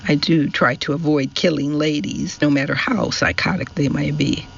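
A man's voice: fairly high pitch, steady tone, normal speed, vocal fry, breathy edge, lo-fi sound. A man voicing a dry, reserved old major. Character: dry, reserved older British army major.

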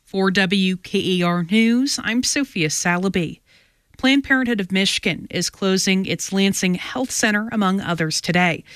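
A woman reading local radio news bulletins in a measured, even way. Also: on the low side, smooth, no echo, studio quality. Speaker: local newscaster.

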